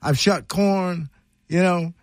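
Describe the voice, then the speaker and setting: An older man from Ohio, a guest musician in a radio studio, rambles through stories in a casual interview, using lots of fillers and acting out voices. His voice sits high, he takes his time, and there's no echo.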